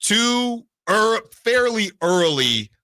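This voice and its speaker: A man's voice: high voice, big pitch swings, extremely slow, sharp tone, dry recording, clean studio sound. A man hosting sports radio, reading out team records in casual talk and checking himself as he goes. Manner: reads out records, self-checking.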